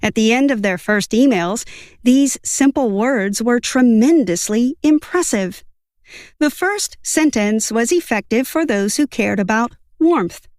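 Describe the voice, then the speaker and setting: A woman with a fairly high voice reads a book summary as scripted narration. Her delivery is even and measured, and the sound is close and dry with no room around it. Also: no echo.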